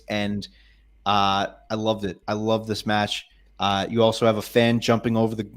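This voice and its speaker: A man co-hosting a casual podcast, enthusiastic and listing points in a steady rhythm. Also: fairly low pitch. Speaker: podcast co-host. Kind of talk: casual chat.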